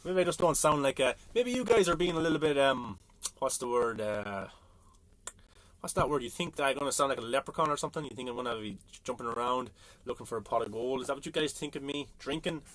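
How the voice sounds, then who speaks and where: A man's voice: medium pitch, lively intonation, fast talker, fairly bright tone. An Irish man hosting a late-night livestream, chatting casually and rambling while he reads out viewer comments. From Ireland. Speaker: livestream host. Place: home at night. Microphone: phone.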